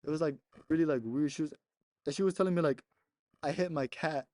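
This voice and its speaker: A man's voice: a little high, a little fast, a little mellow, no echo. Laughing young man telling a story. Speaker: podcast co-host. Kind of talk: casual storytelling chat.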